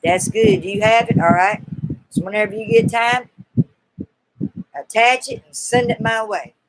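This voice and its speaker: A woman's voice: a little high, a little slow, poor audio. A woman with a Southern US accent hosting a casual live-stream Q&A, chatty, folksy and teasingly coaxing her viewers.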